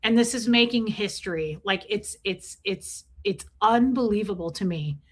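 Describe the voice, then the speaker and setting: A woman's voice: mid-range voice, moderate pace. A woman hosting a live stream, chatting casually and bluntly, with sarcastic asides and greetings to her chat. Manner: blunt, sarcastic, reads chat names aloud.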